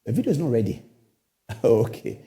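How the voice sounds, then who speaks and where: A man's voice: mid-range voice, very animated, moderate pace, warm tone. A Ghanaian man hosting a talk show, giving indignant commentary full of rhetorical questions and repeated phrases. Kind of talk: studio commentary.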